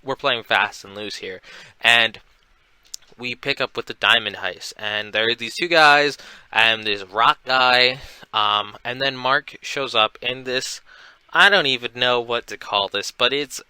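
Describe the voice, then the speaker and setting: A man's voice: medium pitch, measured pace, pushed and bright, clear, resonant tone, no room sound, rough recording. A young man casually recapping a comic book, paraphrasing the characters' lines in a loose, filler-heavy way. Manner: retells scenes with loose quoted dialogue, many fillers.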